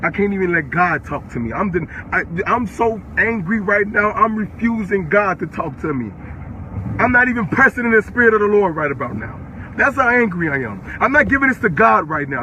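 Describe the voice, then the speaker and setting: Furious, profane, high-voiced young man. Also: expressive, fairly quick, pushed and bright, a little hiss or hum, rough recording. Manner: furious, profane, repeating himself. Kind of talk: angry livestream rant.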